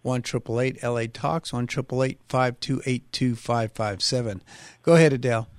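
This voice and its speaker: A male radio host with a mid-range voice moves things along briskly, reading out a number and bringing in the next caller. The sound is dry and close, with no room echo. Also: medium pitch. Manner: brisk announcer delivery.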